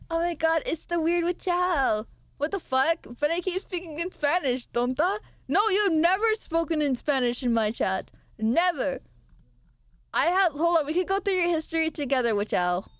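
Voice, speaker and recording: Woman streamer, young adult, higher voice with lots of swing, dry close sound, teasing banter with chat. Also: no echo. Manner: banters with chat, reads messages aloud, laughs often, swears. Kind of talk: casual live-stream chat with viewers.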